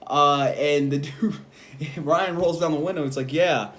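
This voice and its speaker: A man in his twenties telling a story in a casual vlog, rambling and animated, laughing between lines. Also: fairly high pitch, unhurried.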